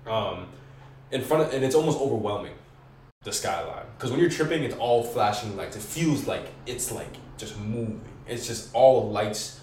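A man's voice: mid-range voice, moderate pace, far from the mic. A young man telling a wild story in casual podcast talk, slangy and profane, with lots of "bro" and "like," acting out the voices and screams he describes. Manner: excitable, acts out voices and screams. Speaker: podcast guest. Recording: echoey room, away from mic, faint hiss.

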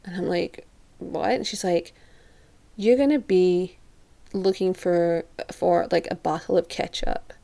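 Her voice is on the low side, warm, with vocal fry, and she talks a little slowly. This young European vlogger chats through a casual story for the camera, leaning on "like" all the time and acting out others' quotes.

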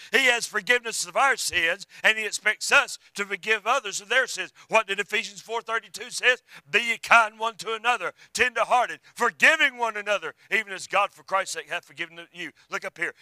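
Man preaching, high bright voice, dry close sound, fervent then hushed. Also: no echo, low-quality recording. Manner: fervent, rising and falling, drops to a hush. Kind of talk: sermon.

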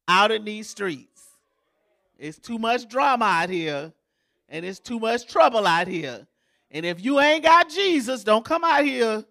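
A woman's voice: a little high, gravelly, a bit bright. A woman pastor giving a sermon in a folksy, joking, conversational way, as if in a church.

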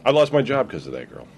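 A man's voice: medium pitch, slight background noise. A man chatting casually on a podcast, rambling and hesitant as he tells a story. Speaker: podcast co-host. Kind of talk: casual chat.

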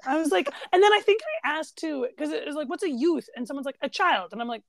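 High, gravelly-voiced woman podcast host. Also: fast talker, no room sound. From Canada. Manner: storytelling, laughing, animated retelling. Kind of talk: casual chat.

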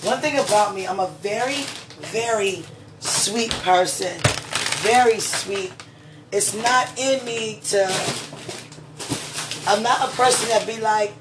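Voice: medium pitch, a little slow. A person chatting casually and affectionately at home in a kitchen, with frequent laughter and a playful, teasing manner. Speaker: person talking to a loved one. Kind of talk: casual one-sided chat. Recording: roomy sound from a distant mic with faint background noise.

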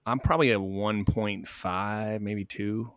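An American man, a guest on a podcast, relaxed and good-humoured in casual conversation. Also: fairly low pitch, unhurried, no room sound, clean studio sound. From United States.

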